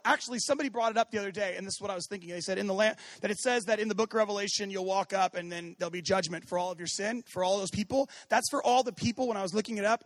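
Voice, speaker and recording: A man preaching with a high, lively voice that climbs to shouts and drops to near whispers. He acts out quoted voices as he goes. The sound is dry and close. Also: dry recording. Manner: animated, swings from shouting to hushed. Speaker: pastor. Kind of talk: sermon.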